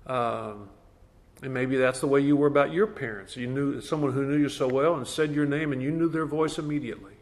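A man's voice: mid-range voice, steady tone, a little fast. A man leading a Bible study class in a conversational way, asking the group questions.

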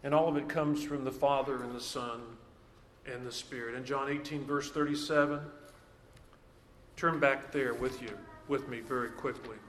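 A man's voice: medium pitch, steady tone, a bit bright. Emphatic male preacher in echoey hall. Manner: emphatic, repeats key phrases, slows down for stress. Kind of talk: sermon. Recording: echoey hall, faint background noise.

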